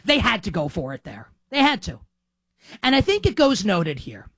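A man's voice: high-pitched, huge pitch swings, normal speed, fairly bright tone, no echo. A man hosting a sports talk show, delivering an opinionated commentary monologue with heavy use of "like".

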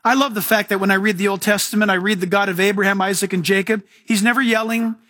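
A man preaching a sermon as pastor, emphatic and shifting between loud and quiet. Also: high-pitched, fairly even intonation, fast, dry recording, clean studio sound. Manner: emphatic, swings from loud to soft.

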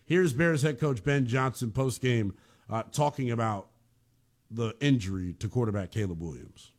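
A man's voice: medium pitch, animated, moderate pace. A man hosting a sports talk show, giving emphatic, opinionated commentary while sounding emotionally shaken. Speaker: sports radio host.

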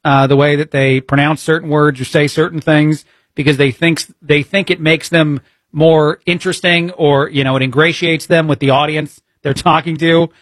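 Filling in as a talk show host, a man with a fairly bright, somewhat high voice delivers blunt, opinionated commentary. He sounds exasperated and drops frequent "uh" fillers. The studio recording is clean, with no echo.

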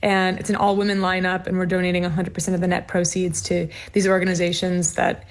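A young American woman in her twenties, a musician guest talking casually over a video call from a dark room, bubbly and gushing. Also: lowish voice, completely flat delivery, fast talker. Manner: bubbly, gushing, many likes and I mean.

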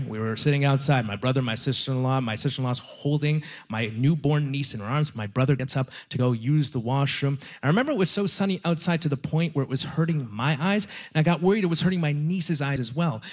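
A young man performing a stand-up comedy set, telling self-deprecating stories in a conversational way with pauses for punchlines. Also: medium pitch. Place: comedy club stage with audience.

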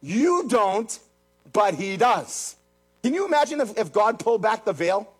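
A man's voice: sits high, very animated, unhurried, husky, soft background music. A man preaching a sermon, emphatic and repetitive, speaking straight to his congregation. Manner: emphatic, repeats phrases, addresses the congregation directly. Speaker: pastor.

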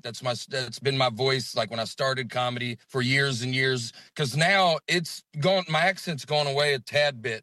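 Comedian guest, Southern man, thirties, animated storyteller, crisp dry sound. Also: medium pitch, no echo. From Alabama, US. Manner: animated, acts out quotes. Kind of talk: casual interview chat.

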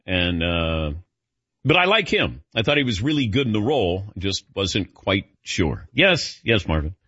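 A man hosting a casual radio talk show, his voice swinging up and down as he tells his stories. The tone is bright but a bit husky, recorded dry with a muffled, lo-fi edge. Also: fairly low pitch, normal speed, no echo. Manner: animated storyteller, calls on cohosts by name. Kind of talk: casual on-air banter.

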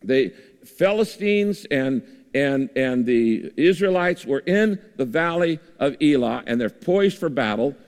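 A man preaching a sermon to a congregation, asking lively rhetorical questions and retelling stories. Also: mid-range voice, unhurried. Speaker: pastor. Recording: long hall reverb.

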